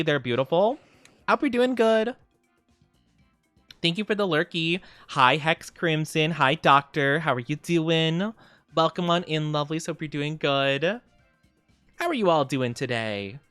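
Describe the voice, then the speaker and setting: A young man chatting casually on a live stream, rambling and self-deprecating, often jumping into high squeals. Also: measured pace, a bit bright, clear, resonant tone, no echo, faint music behind.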